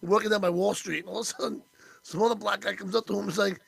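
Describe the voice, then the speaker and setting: A man's voice: high-pitched, fast talker, gravelly, a bit bright, slightly rough. A middle-aged man co-hosting a talk show, telling a crude story with lots of laughter. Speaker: radio show co-host. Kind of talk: crude casual banter.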